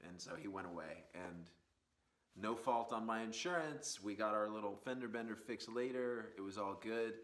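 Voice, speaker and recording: A man hosting his own podcast, telling a rambling road-trip story in a casual, animated way with lots of fillers. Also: on the low side, normal speed. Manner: animated, rambling anecdote with many fillers and asides. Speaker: podcast host and musician.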